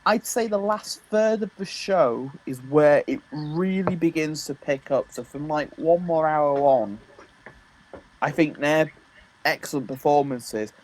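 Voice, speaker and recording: A man's voice: fairly high pitch, unhurried, darkish tone, low-quality recording. A man giving his views as a guest in a casual online panel chat.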